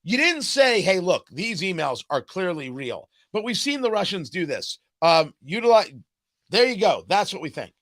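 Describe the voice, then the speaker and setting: A man's voice: sits high, normal speed. A man hosting a political talk show, delivering a sarcastic, mocking commentary monologue. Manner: sarcastic, animated, mocking asides.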